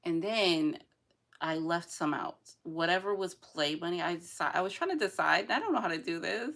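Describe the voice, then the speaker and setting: A woman's voice: fairly low pitch, animated, moderate pace, gravelly, a bit bright. A young adult woman chatting casually in a rambling, emotional vlog, sometimes laughing through tears. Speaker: vlogger. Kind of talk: casual chat.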